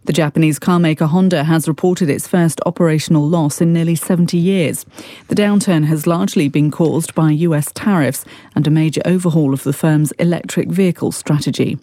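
A woman reads the news in a measured, formal manner. Her voice is dark and mellow, recorded close in a dry studio with no room around it. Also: low-pitched, fairly even intonation, no echo. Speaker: newsreader. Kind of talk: news bulletin reading.

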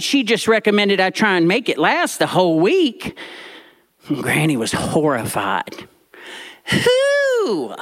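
A man telling a funny personal story from his childhood with comic timing and drawn-out pauses. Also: a little high, a bit bright.

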